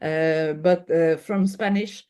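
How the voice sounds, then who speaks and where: A woman with a Québécois French accent, a native French speaker, talking as an interview guest. She pauses to search for words and restarts her sentences. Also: sits low, steady tone, a little mellow, clean tone. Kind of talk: interview conversation.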